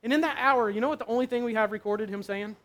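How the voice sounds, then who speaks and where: A man with a high-pitched voice preaching a sermon. He talks in a casual, conversational way. He keeps checking in with the room by asking "right?". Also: fast talker, fairly bright tone. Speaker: pastor.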